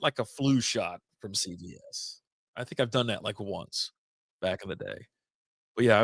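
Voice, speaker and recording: A man hosting a relaxed happy-hour podcast, talking in a mid-pitched voice. He rambles from one anecdote to the next, drops casual curses, and sounds dry and close to the mic. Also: dry recording. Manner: rambling, jumps between stories, swears casually. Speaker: podcast host. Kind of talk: casual beer chat.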